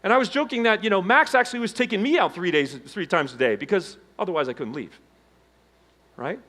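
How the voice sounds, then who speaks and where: A middle-aged man giving a motivational keynote on stage, telling his story with dramatic swings between loud emphasis and hushed low tones. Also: animated, brisk. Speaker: keynote speaker. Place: conference stage before a live audience.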